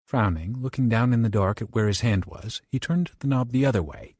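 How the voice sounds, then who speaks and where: A man's voice: mid-range voice, brisk, breathy edge, no room sound, studio quality. A man narrating a horror audiobook in a dramatic style. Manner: dramatic, with lively shifts into character voices.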